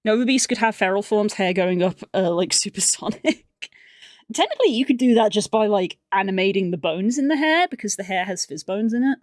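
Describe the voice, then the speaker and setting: A woman streamer chatting casually and excitably on a live art stream, rambling through tangents from a room at home. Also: medium pitch, brisk, no room sound, studio quality. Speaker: livestreamer.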